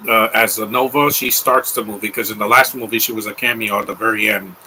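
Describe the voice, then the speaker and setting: Young male commentary host, bright sharp voice, casual opinionated rambling. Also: lowish voice, fairly even intonation, fast, a little hiss or hum, rough recording. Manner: offhand, rambling, opinionated asides.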